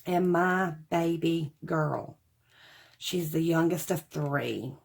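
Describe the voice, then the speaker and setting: A chatty woman in her forties runs a craft haul vlog, talking casually to camera in a rambling, homey way and calling her audience y'all. Her voice is a little low for a woman, slow, creaky, and husky.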